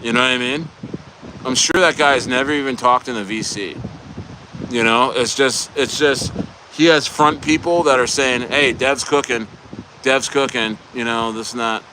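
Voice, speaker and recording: A man's voice: medium pitch, moderate pace. A young man hosting a casual livestream, rambling with lots of fillers while outdoors at a beach. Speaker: livestream host. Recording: loud outdoor wind noise.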